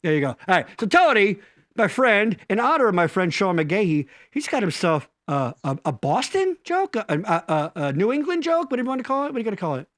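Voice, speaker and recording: A man with a high, animated voice that swings all over as he rambles through crude jokes. His tone is bright and forceful, and the sound is dry and close, from a basement studio. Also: brisk, no room sound. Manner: rambling, mock-pleading bits, crude jokes. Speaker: co-host of a live stream. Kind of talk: crude comedic banter.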